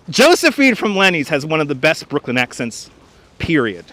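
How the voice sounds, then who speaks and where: A man chats his way through a live stream on a cold beach, reading out viewers' comments. His voice is bright and sits a little high, and it rises and falls in a lively way. A clip-on mic picks him up outdoors. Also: fairly quick. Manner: chatty, reads out viewer comments, slips into put-on voices. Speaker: livestream host. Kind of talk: casual live-stream chat. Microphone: wireless clip-on mic.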